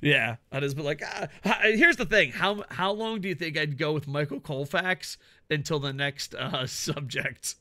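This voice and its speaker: A man co-hosting a wrestling podcast in casual chat, animated and jokey, laughing often. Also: a little high, moderate pace. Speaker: podcast co-host.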